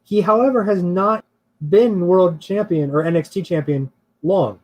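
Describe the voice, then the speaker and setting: Man, high-pitched voice, casual co-host chat, laughs a lot, hedging, rambling. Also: unhurried, poor audio. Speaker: podcast co-host.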